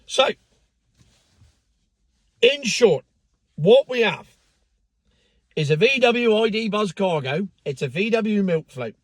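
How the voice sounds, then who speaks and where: A man's voice: high-pitched, expressive, slow pace, pauses often, no echo. A man giving a sardonic, mocking rant in casual commentary, with the odd swear word. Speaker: car vlogger.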